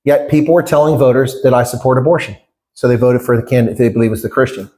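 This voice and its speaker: A middle-aged man answering questions in an interview, with a voice pitched right in the middle range. He talks in an emphatic, indignant way and often asks rhetorical questions. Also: steady tone, quick pace, dark tone. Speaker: interview guest, former election candidate.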